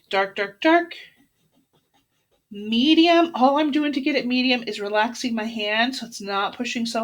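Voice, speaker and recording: A woman's voice: medium pitch, fairly bright tone. A woman art teacher talking students through a shading demonstration, chatty and encouraging, narrating each step as she works. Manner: chatty, encouraging, self-narrating while drawing. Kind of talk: classroom demonstration lesson.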